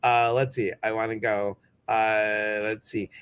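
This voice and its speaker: A man's voice: on the low side, flat delivery, a little slow, fairly bright tone, clear, resonant tone. A man hosting a live stream, chatting casually, greeting viewers and reading their comments, with many fillers. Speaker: host.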